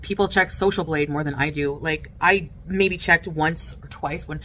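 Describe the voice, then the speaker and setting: A woman's voice: deep voice, moderate pace, a bit bright, a little hiss or hum. A woman content creator talking to her audience, hesitant and filler-heavy. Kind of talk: talking-to-camera vlog clip.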